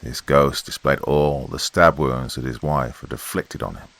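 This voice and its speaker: Extremely deep, gravelly horror narrator. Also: male voice, steady tone, fairly bright tone, no room sound. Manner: dramatic, measured.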